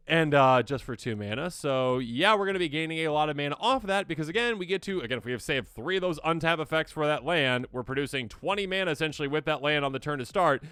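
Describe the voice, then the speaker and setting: A man hosting an excitable card game deck overview, acting out players' reactions in squeaky voices. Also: clean tone, no echo. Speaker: host.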